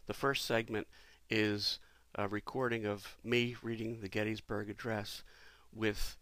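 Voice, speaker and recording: A man, a company president, talking through a product demo in a relaxed, explanatory way with frequent pauses. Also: lowish voice, dry recording. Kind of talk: casual product demo walkthrough.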